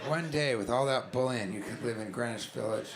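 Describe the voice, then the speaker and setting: A man's voice: mid-range voice, fairly quick, heavy background noise. A male stand-up comedian in a small comedy club, riffing with mock-angry profanity at an audience member. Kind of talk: stand-up set with crowd work. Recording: live club recording with loud crowd laughter. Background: loud audience laughter.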